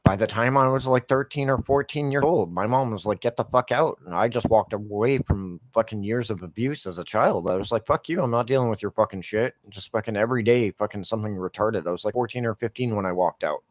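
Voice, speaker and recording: A man's voice: on the low side, a little fast, hardly any pauses, no echo. A man in his forties, a gaming YouTuber, ranting casually and swearing constantly while he plays. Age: 40s.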